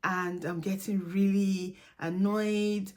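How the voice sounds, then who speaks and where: A woman's voice: mid-range voice, little pitch movement, slow pace, a little mellow. A young woman, a single mother, talking candidly to camera in a vlog, confiding and laughing now and then.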